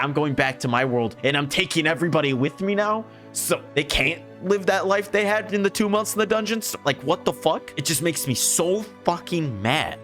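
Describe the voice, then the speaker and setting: A man's voice: mid-range voice, fairly bright tone. A young man giving a casual, frustrated anime review, often swearing and exasperated.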